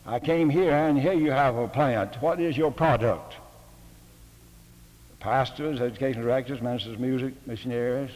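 An older man with a drawl preaches in a folksy, joking way, pausing on fillers and posing rhetorical questions. His voice sits in an ordinary middle register. A long reverb trails each phrase around a large hall. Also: medium pitch, darkish tone. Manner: homespun, humorous, with hesitant fillers and rhetorical questions. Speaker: guest preacher addressing a seminary faculty. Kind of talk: folksy sermon-style address.

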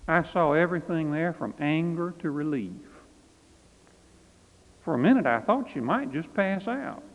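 Male pastor, animated storyteller, higher voice, thin phone-line sound in a reverberant space. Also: moderate pace. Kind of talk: storytelling narration.

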